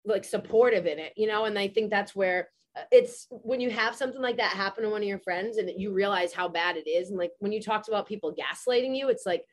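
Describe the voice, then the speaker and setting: A woman in her forties, a podcast host, telling a story in casual chat, animated and profane, with many "like" fillers. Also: medium pitch, fast. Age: 40s.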